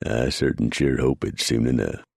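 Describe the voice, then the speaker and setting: A man's voice: extremely low pitch, steady tone, normal speed, vocal fry, no echo, clean studio sound, exaggerated voice. A man voicing a wary, plainspoken frontier scout with folksy speech.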